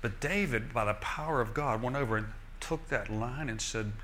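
Lively male preacher, folksy, joking, bright tone. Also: mid-range voice, normal speed. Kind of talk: sermon.

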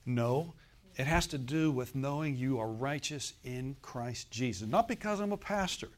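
A man, a pastor, preaching a sermon in a folksy way, speaking straight to the congregation and swinging from loud emphatic bursts to soft murmured asides. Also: medium pitch, expressive, moderate pace.

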